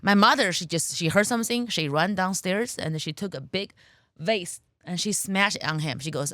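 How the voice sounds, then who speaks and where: A woman's voice: fairly low pitch, moderate pace, a bit bright, no echo, clean studio sound. Blunt Chinese-accented woman telling her story. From China. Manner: candid, blunt storytelling with frequent restarts. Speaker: stand-up comedian guest. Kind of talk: podcast interview storytelling.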